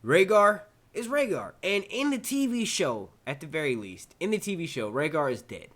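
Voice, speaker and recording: This is a man with a New York accent who hosts a casual live-stream Q&A. His voice sits a touch high for a man. He rambles excitably from one question to the next and swears easily. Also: moderate pace. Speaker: channel host answering chat questions.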